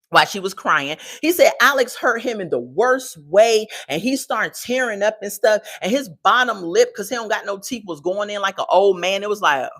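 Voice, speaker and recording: A woman's voice: medium pitch, fairly bright tone. A middle-aged woman hosting a live podcast, giving sassy, casual commentary straight to viewers and laughing often. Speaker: podcast host reviewing a reality show.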